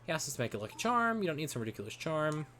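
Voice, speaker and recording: A man plays an eccentric old professor who loves explosions, speaking in a booming, gleeful, theatrical way with a dismissive mood. The delivery is sing-song, very fast, bright and forceful. He sounds distant, with faint music in the background.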